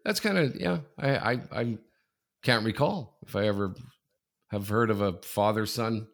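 A man in his forties co-hosting a casual sports podcast, telling a rambling anecdote full of restarts that builds to loud excitement. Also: fairly low pitch, normal speed, vocal fry. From Canada. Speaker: podcast co-host. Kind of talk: casual sports talk, storytelling.

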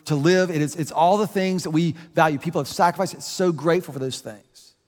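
High-voiced man preaching in a hall. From United States. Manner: conversational preaching with repeated restarts and asides. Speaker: pastor. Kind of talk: sermon.

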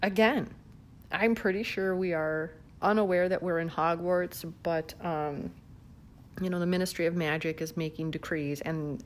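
A woman's voice: deep voice, slight background noise. A woman from the southern United States chatting casually into her phone at home, laughing often and using lots of fillers. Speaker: vlogger. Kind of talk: casual chat to camera. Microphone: phone held in hand.

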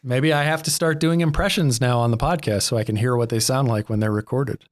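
A man's voice: mid-range voice, a little fast, no room sound, clean studio sound. A man, co-hosting a podcast in a rambling, self-deprecating, jokey way. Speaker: podcast co-host. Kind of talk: casual chat.

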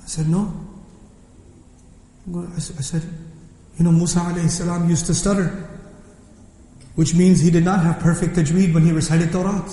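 Passionate male lecturer in an echoey hall. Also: sits high. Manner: passionate, rhetorical questions, swings from hushed to emphatic. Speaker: Islamic lecturer. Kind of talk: Quran commentary lecture. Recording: echoey hall with long reverb.

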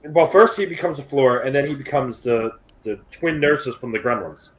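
A male podcast co-host with a mid-pitched, everyday voice. He talks in casual chat with a sardonic, profane storytelling edge. His delivery stays conversational and dry. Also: moderate pace, slight background noise, rough recording.

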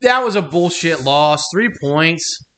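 Animated man with a lively pitch. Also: a little slow. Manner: animated, laughing, swearing. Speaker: podcast co-host. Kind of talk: casual chat.

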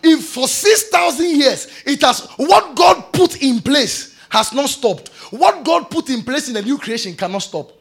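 High, gravelly man preaching. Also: expressive, a little slow, few pauses. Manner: shouts scripture, then drops to soft prayer. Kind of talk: sermon.

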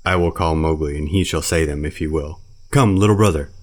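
A stern yet tender old bear from a jungle storybook, played by a man reading. He lectures solemnly in a very low voice. He is firm, with a rumbling depth. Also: little pitch movement, a little fast. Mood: coaxing.

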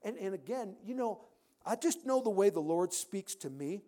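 A man preaching a sermon in a church, emphatic, rising to loud peaks and dropping to quiet endings. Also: sits high, expressive, moderate pace.

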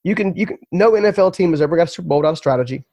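Guy, quick earnest storytelling, a bit higher voice, dry close mic. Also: no room sound. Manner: earnest, emphatic, repeats words when excited. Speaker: podcast guest, entrepreneur. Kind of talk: storytelling in a podcast interview.

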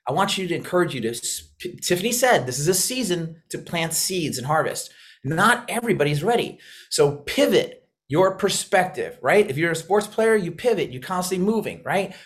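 Intense fast-talking man coaching on a call. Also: high voice. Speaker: coach mentor on a video call. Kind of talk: high-energy motivational training talk. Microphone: video call.

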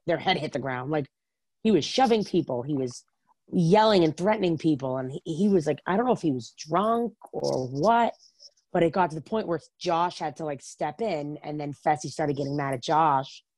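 A woman chatting casually about reality TV, full of "like" and quick asides. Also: sits low, animated, a little mellow, dry recording. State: has the hiccups.

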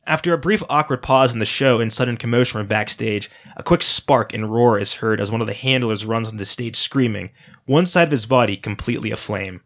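A male storyteller reading his own dark tale in the first person. His voice sits at an ordinary middle pitch, and his delivery is dramatic but steady. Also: brisk.

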